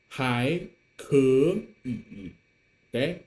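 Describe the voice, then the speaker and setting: A man's voice: mid-range voice, sing-song, slow, mellow. A man teaching an online lesson in English, patient and repetitive, with many fillers. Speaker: Mandarin teacher.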